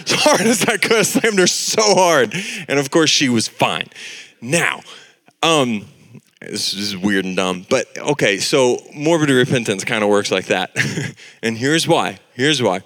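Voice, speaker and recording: A man in his thirties preaching a sermon, telling a family story with lively acted-out voices. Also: medium pitch, unhurried. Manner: animated storytelling, acting out voices. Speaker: pastor.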